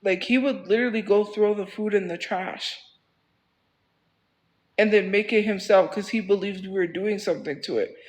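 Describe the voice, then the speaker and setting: Man, high voice, livestream storyteller; rambling, repetitive, defensive. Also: moderate pace, poor audio. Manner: rambling, repeats phrases for emphasis.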